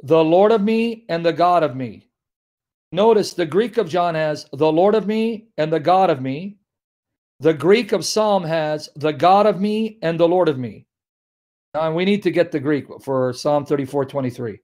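A man teaching scripture to an online audience, emphatic, repeating key phrases slowly and calling listeners guys. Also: fairly high pitch, a little mellow. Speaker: Christian apologist teaching scripture. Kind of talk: live online Bible teaching.

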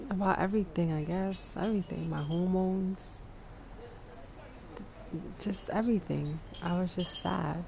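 A young woman vlogger chatting casually and softly, drained and out of breath, full of "like"s. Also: lowish voice, a little slow, vocal fry, crowd noise. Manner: soft, tired, filler-heavy talk. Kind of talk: casual vlog chat. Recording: music playing behind.

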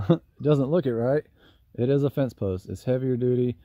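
A man's voice: medium pitch, moderate pace, dark tone, dry recording, dull audio. A man with a Southern US accent, rambling in a folksy, self-deprecating way as he walks through a DIY project outdoors by his trailer, recorded on a camera mic. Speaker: lawn care business owner. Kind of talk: casual DIY how-to vlog.

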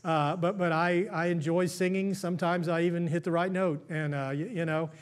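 A man's voice: a little high, steady tone, moderate pace. An American man, a pastor, preaching a sermon in a conversational way, full of restarts and stammers.

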